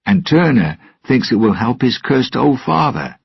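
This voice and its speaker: A simple-minded pirate deckhand explains things earnestly in a husky, slightly raised voice as a man reading the story puts him on. The delivery is slow and the recording sounds dull. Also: mid-range voice, big pitch swings, no echo, pitched above the performer's own voice, full character voice.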